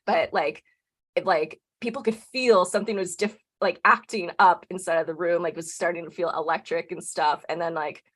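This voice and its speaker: A woman's voice: fairly low pitch, steady tone, normal speed, fairly bright tone. Chatty woman telling a spooky story. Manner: chatty, peppers speech with "like". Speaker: podcast guest. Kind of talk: casual storytelling.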